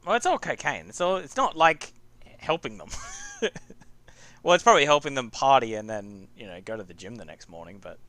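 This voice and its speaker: A man co-hosting a casual podcast, chatting in an animated, rambling way and laughing often. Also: medium pitch, fairly quick, no room sound. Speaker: podcast co-host. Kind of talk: casual chat.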